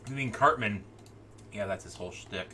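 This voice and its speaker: A man's voice: lowish voice, moderate pace, pushed and bright, far from the mic, a little hiss or hum. A man streaming live and chatting casually as he works, rambling with stammering restarts and muttering to himself. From United States. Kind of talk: casual commentary while working.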